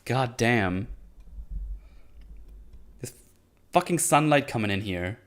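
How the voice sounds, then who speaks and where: A man's voice: mid-range voice, lively intonation, takes it slowly. A man ranting through a casual review with lots of swearing and sarcasm, mocking characters in put-on voices. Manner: profane, sarcastic, mocks characters in silly voices. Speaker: video reviewer.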